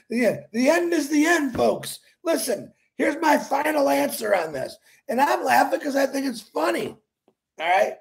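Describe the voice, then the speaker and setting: A man's voice: extremely high pitch, big pitch swings, measured pace, creaky, a little hiss or hum. A man hosting a casual live stream, greeting viewers by name, laughing often and repeating his points with emphasis. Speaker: livestream host.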